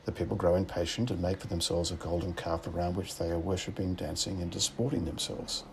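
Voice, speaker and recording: A man with an Australian accent preaching a sermon in a measured, reflective way, asking rhetorical questions. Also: deep voice, flat delivery, slight background noise.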